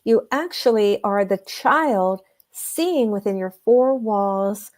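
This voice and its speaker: Mellow-voiced woman telling a healing story. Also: medium pitch, expressive. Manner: earnest, emphatic, slows down to stress points. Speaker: guest, energy healer. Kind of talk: conversational storytelling.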